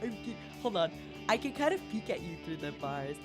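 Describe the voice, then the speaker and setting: A woman streamer chatting playfully, teasing her viewers as honey and swinging between loud mock-dramatic outbursts and soft murmurs. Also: medium pitch, big pitch swings, brisk, music in the background. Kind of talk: playful solo stream chat.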